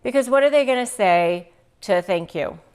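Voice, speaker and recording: A middle-aged woman giving advice straight to camera at a middle pitch. She speaks with emphasis, repeats her key phrases and acts out sample lines. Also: expressive, moderate pace, darkish tone, smooth. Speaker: host.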